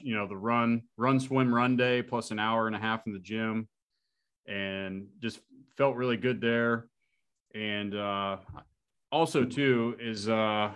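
A man hosting a podcast, chatting casually and telling jokes in an upbeat, energetic way. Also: medium pitch. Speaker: podcast host. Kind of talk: casual chat.

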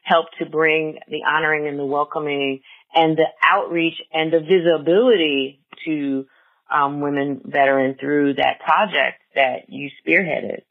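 A man's voice: fairly high pitch, steady tone, a little slow, creaky. A man interviewing a guest, asking questions in loose, informal phrasing. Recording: narrow phone-like line.

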